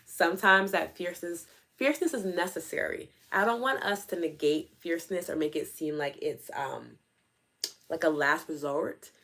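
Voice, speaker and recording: A woman's voice: on the low side, normal speed, creaky, fairly bright tone. A woman coach hosting a live session, answering viewer comments by name in a casual, conversational way full of fillers. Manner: conversational, with many fillers like "like" and "you know"; speaks directly to viewers by name.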